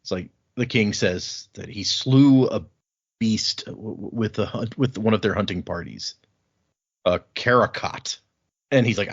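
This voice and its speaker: A man's voice: fairly low pitch, unhurried, slightly rough. A man casually recapping a book chapter on a podcast, rambling with many restarts. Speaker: podcast co-host. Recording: slightly lo-fi podcast audio.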